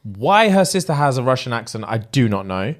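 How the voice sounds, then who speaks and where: A man's voice: mid-range voice, fairly quick. Ranting young man with slang. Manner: animated, ranting, slang-heavy. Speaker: podcast co-host. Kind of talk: casual chat.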